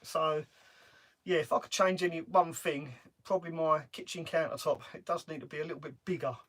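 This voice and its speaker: Chatty man, fairly high voice. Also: fairly even intonation, fairly quick, fairly bright tone. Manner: chatty, rambling, laughs often. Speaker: van-life vlogger. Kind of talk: casual live stream chat. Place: parked camper van on a driveway.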